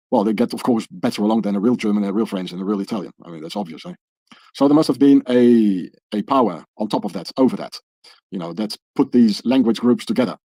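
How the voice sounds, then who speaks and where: A man's voice: on the low side, vocal fry, warm tone, husky, dry recording. A man presenting a podcast talk, rambling through a conspiracy theory and tagging his points with a questioning "eh?". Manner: tags statements with questioning "eh?". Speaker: podcast presenter showing pages on screen.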